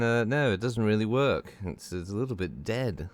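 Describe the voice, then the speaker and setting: A man's voice: mid-range voice, moderate pace, few pauses. A young man streaming a game, rambling and chatting casually, repeating "yes" and "good" a lot with dry, self-mocking humour. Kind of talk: casual gameplay stream commentary.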